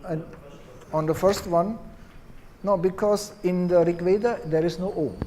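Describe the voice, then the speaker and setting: A man teaching Vedic chanting who explains gently and drops in many "you see" asides. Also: sits high, fairly even intonation, a little slow, a little hiss or hum.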